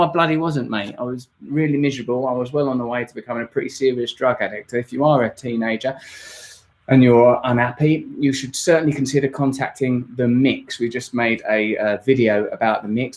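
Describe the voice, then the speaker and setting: A man, hosting a rambling, jokey live-stream Q&A. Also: medium pitch. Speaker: host.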